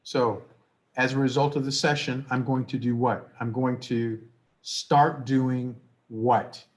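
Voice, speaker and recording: A man's voice: medium pitch, steady tone, takes it slowly. A man presenting a workplace workshop and telling a story, conversational and full of rhetorical questions.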